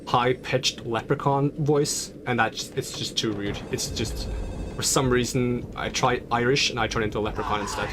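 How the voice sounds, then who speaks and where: A man's voice: mid-range voice, noisy background. A young man chatting casually on a live stream while playing, rambling and answering questions from chat.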